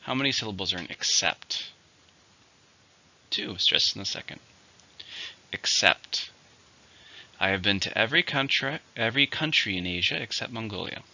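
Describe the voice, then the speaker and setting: A man with a rather low voice and a very bright, sharp tone teaches English vocabulary. He counts syllables, marks the stress and says each word with care. The recording sounds slightly dull and lo-fi. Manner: slow, deliberate word drills with example sentences. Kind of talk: vocabulary lesson.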